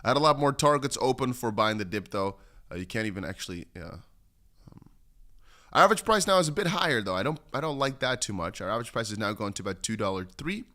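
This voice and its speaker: Bright-voiced man rambling through a crypto stream. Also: mid-range voice. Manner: chatty, rambling, reads viewer comments aloud. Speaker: crypto livestream host. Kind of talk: casual livestream chart commentary. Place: home studio in Dubai.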